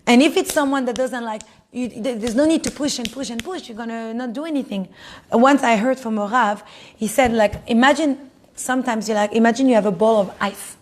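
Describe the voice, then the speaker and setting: A woman teaching a lively class to a live audience, who acts out quoted spouses in higher voices and laughs often. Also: fairly quick, a little hiss or hum.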